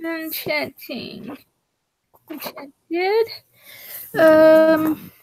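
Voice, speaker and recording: A woman's voice: high-pitched, fairly even intonation, darkish tone, dry recording. A woman player describing her character's actions casually in a tabletop game. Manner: casual, halting with fillers. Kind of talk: tabletop role-play narration.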